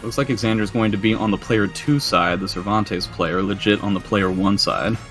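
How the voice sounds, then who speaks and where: A young esports commentator with a lowish, fairly bright voice gives analytical play-by-play of a fighting game match at normal speed. He mixes in self-mocking banter, and faint music plays underneath.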